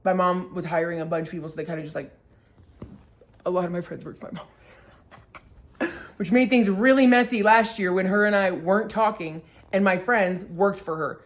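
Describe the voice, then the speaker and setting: A woman's voice: on the low side, fairly even intonation, moderate pace, long pauses. A woman in her twenties tells a story in a casual, chatty way, swearing freely and saying "like" a lot. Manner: chatty, profane, heavy use of "like". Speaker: vlogger.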